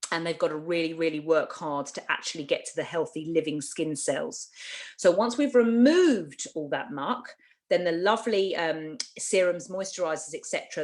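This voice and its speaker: A woman giving a skincare training to a team, chatty and emphatic, often repeating herself to be clear. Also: on the low side. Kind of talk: training talk.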